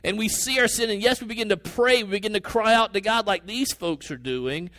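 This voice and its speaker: A man preaching a sermon as a pastor, earnest and conversational, with sudden rises in pitch and pace. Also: a little fast, bright, forceful tone, no room sound.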